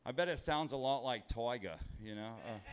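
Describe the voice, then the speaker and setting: A man's voice: medium pitch, moderate pace. A man in his thirties from Los Angeles doing stand-up comedy on a club stage, rambling, swearing and poking fun at himself while working the crowd. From Los Angeles, USA. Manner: rambling, profane, self-deprecating.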